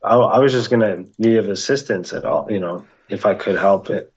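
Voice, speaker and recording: A man's voice: on the low side, brisk, darkish tone, breathy edge, dull audio. A man playing in a tabletop game, talking hesitantly and stumbling over his words. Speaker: player.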